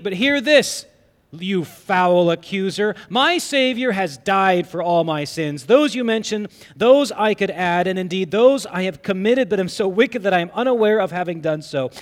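A man's voice: medium pitch, a bit bright. A man voicing a sixteenth-century male reformer who firmly answers his accuser. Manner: humble, then firm and defiant. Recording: long hall reverb.

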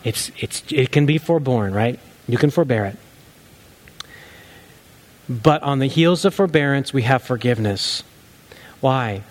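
A man preaching a sermon as a pastor, earnest, rising to emphatic lines and then dropping low and soft. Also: lively intonation, measured pace, long pauses.

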